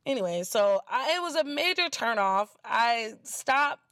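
A woman's voice: fairly high pitch, measured pace, no room sound, studio quality. Blunt, profane woman with Black American speech. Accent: African American English. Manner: blunt, profane, animated, mimics others mockingly. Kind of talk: casual storytelling rant.

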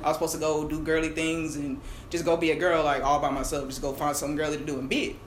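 A young adult podcast co-host telling a personal story in fast, candid, slang-filled casual chat. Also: mid-range voice, flat delivery. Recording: echoey room, mic at a distance, faint hiss.

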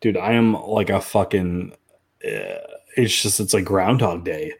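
Foul-mouthed teasing podcast host. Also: male voice, low voice, big pitch swings, unhurried, gravelly, husky. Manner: crude, teasing, laughs a lot. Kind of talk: casual profane banter.

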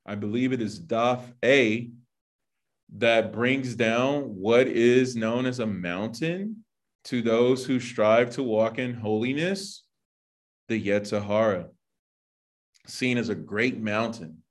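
A man's voice: mid-range voice, slow. A man teaching an informal sermon in a loose, conversational way, full of "like" and "you know". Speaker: Bible teacher.

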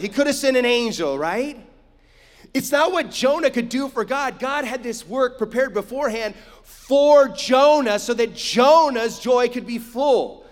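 A man's voice: very high voice, long reverb tail. A man preaching a sermon, emphatic, with frequent rhetorical asides to his listeners. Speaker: pastor.

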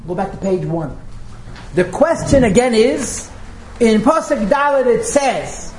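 A man teaching a class as a rabbi, telling a story with quick asides before turning to the text. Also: extremely high pitch, animated, a little mellow. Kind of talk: storytelling lecture. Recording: roomy echo with faint noise.

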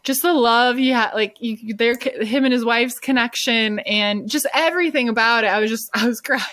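Slightly high and a bit bright, this woman's voice moves at a moderate pace. As a podcast co-host, she chats casually, gushing and rambling with plenty of filler words.

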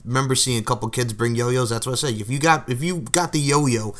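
A man's voice: medium pitch, fairly even intonation, a little fast, a bit bright. A man telling stories on a podcast in an easygoing, candid way. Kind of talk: casual chat.

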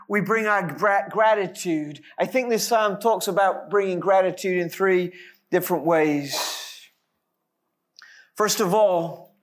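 Slow, measured preacher delivering a sermon. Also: mid-range voice. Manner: measured, emphatic delivery with light self-deprecating humor. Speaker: pastor.

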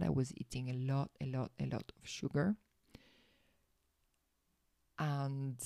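Slow, gravelly podcast host. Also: mid-range voice, dark tone, no room sound, studio quality. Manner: frank and confiding, acts out its own past self in quotes. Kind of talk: candid personal storytelling.

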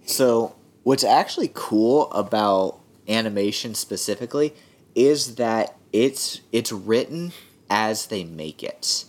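A man speaking as a guest in a casual chat, explaining things at a relaxed pace. He has a fairly low voice. He fills his pauses with "um" and "like.". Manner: relaxed, many fillers.

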